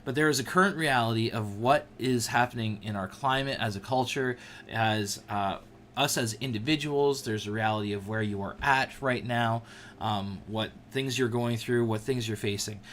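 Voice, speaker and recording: A man hosting a livestream, giving a casual devotional talk to viewers in an animated, joking way, often restarting his sentences. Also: medium pitch, moderate pace, slight background noise. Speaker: livestream show host.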